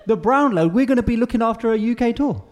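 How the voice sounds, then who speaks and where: A man co-hosting a podcast, chatting casually in front of a small live audience and telling an animated story in which he mimics other people's voices. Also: very high voice, fast talker. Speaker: podcast co-host.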